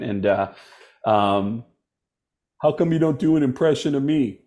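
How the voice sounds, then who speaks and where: A comedian guest on a podcast, telling a casual story with lots of ums and restarts. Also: male voice, lowish voice, darkish tone. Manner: halting, many ums and restarts.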